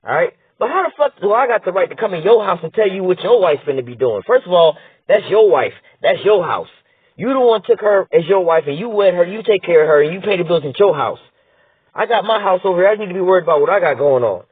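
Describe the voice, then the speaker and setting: A man's voice: high-pitched, expressive, quick pace, slightly rough, dry recording. A man giving heated, profane commentary, reading news aloud and asking "all right?" again and again. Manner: blunt, profane, rhetorical, repeats "all right?". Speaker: political commentator. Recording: tinny phone-like dry sound.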